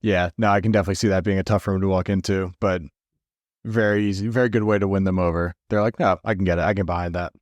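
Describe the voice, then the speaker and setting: A man's voice: sits low, steady tone, fast talker, a little mellow, no room sound, studio quality. A young man hosting a health podcast, speaking in a thoughtful, slightly hesitant conversational way. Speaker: podcast host. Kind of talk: conversational interview.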